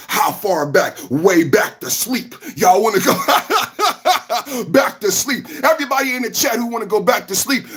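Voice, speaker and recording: Guy w running a live podcast, kinda high voice, shouty n repetitive talking to chat. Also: breathy edge. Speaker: podcast host. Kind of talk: livestream reaction commentary.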